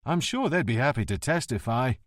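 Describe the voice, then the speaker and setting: A man's voice: medium pitch, expressive, fairly quick, no echo, studio quality, close to an everyday voice. A man reading an audiobook, voicing a cunning, hot-tempered police inspector who talks in a biting, theatrical way. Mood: contemptuous.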